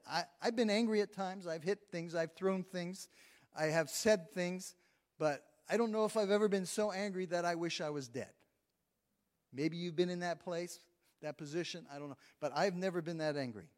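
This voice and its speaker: A man's voice: on the high side, normal speed, a little mellow. A man preaching a sermon in a conversational way, reading scripture aloud between his own remarks. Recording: long reverb of a large hall.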